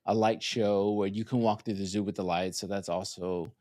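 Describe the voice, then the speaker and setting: A man's voice: on the low side, moderate pace, no room sound, clean studio sound. A man in casual podcast chat, telling a story with lots of swearing and acted-out quotes. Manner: profane, animated storyteller acting out quotes. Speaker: podcast co-host.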